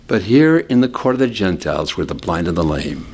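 Speaking fairly quickly over a slight hiss or hum, a man preaches an expository sermon as pastor. He unpacks scripture conversationally with friendly asides, animated and using sweeping pitch for emphasis.

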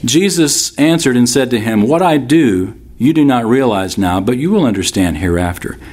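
A man's voice: medium pitch, animated, normal speed, a little mellow. A man preaching a sermon, reading scripture aloud and explaining it in a conversational, expository way. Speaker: pastor.

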